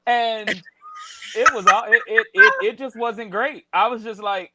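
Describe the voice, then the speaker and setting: A man on a casual podcast chat, animated, repeating words while he hunts for names. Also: sits high, measured pace, heavy background noise.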